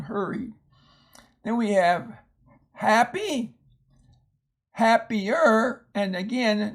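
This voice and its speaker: An older man teaching a recorded phonics lesson, explaining patiently and slowly with many fillers and restarts. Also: sits high, vocal fry.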